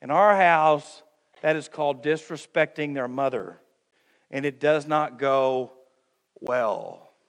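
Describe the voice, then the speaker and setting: Man, pastor, lively sermon with acted-out quotes, high voice, echoing sanctuary. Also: takes it slowly. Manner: animated preaching with acted-out quotes and humor; calls the congregation "friends". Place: church sanctuary.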